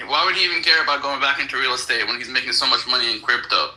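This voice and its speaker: Blunt, profane man with a piercing bright voice. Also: medium pitch, fairly even intonation, racing, low-quality recording. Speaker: podcast co-host. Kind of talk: heated political debate.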